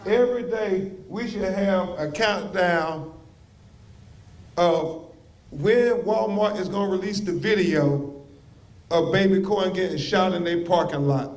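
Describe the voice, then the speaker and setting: A man, an attorney, giving a measured public speech in a preacherly style. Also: high voice. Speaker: attorney speaking at a rally.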